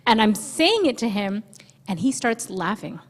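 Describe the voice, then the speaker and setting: A woman sharing a testimony in a church, telling her story with animated energy, laughing and acting out what she thought. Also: mid-range voice, a little slow. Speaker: guest speaker sharing testimony with husband. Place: church sanctuary. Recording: reverberant church sanctuary.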